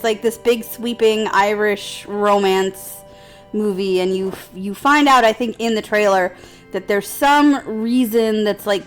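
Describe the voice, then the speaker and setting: A woman co-hosting a casual gaming chat, rambling through a story and laughing often. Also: mid-range voice. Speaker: let's play co-host.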